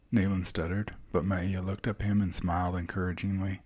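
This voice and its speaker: Deep husky male storyteller. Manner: slow, calm, descriptive reading. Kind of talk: scripted fantasy narration.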